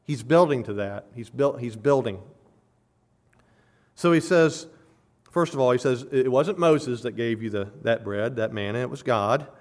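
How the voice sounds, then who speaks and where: Man preaching a measured verse-by-verse sermon. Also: medium pitch, darkish tone. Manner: measured teaching, rising to emphatic stress on key words. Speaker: pastor. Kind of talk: expository sermon.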